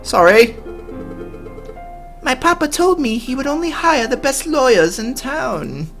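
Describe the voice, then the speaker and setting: A man voicing a cheerful, naive young noblewoman in a game, in a high, bubbly, singsong voice. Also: big pitch swings, a little slow, fairly bright tone, soft background music, heavily acted. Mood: chirpy.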